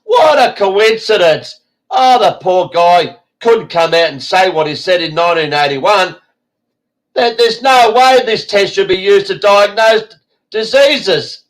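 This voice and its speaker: High-pitched ranting Australian man. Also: animated, a little slow, poor audio. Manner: swears heavily, blunt and ranting. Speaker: show host. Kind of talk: heated ranting talk show.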